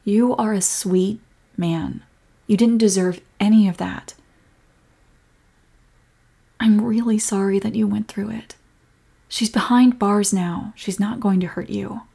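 Young woman whispering in a role-play, breathy and soothing, protective girlfriend vibe. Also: mid-range voice, steady tone, takes it slowly, long pauses. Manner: soft, comforting, protective.

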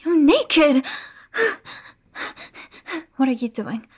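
A woman's voice: a little high, takes it slowly, background noise. A young woman playing a defiant, haughty noblewoman with a sword in a whispered role-play. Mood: indignant. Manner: haughty, demanding.

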